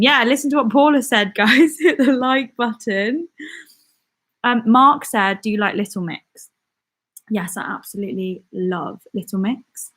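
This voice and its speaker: A woman's voice: mid-range voice, a little slow, pauses often, a bit bright. Giggly chatty young woman from Britain. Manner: chatty and giggly, with frequent ums and laughs. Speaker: YouTuber hosting a live stream. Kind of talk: casual live-stream chat reading viewer comments.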